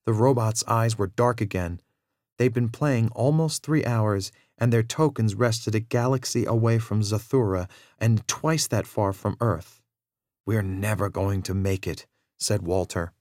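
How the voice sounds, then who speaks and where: A man narrating a children's storybook in a steady, measured read-aloud manner. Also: fairly low pitch, dry recording, clean studio sound.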